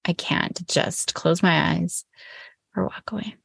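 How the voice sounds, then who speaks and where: A woman's voice: lowish voice, slow pace, creaky, breathy edge, dry recording, in a whisper. A middle-aged woman co-hosting a family podcast, telling stories in a rambling, self-correcting way. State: recovering from illness. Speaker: podcast co-host. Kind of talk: casual chat.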